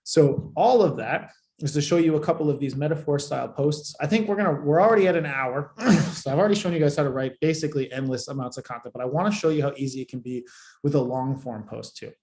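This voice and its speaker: A man teaching a live online class, fairly high in pitch for a man. He talks bluntly and swears a lot, raising his voice and then dropping it low to make a point. His voice rings in an echoey room. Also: fast talker. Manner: blunt, profane, emphatic, swings loud and soft. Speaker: marketing coach.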